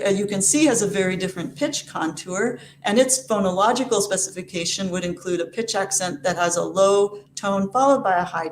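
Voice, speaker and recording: A woman's voice: mid-range voice, roomy sound, slight background noise. A woman giving an academic lecture, explaining steadily with frequent fillers and restarts. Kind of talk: academic talk.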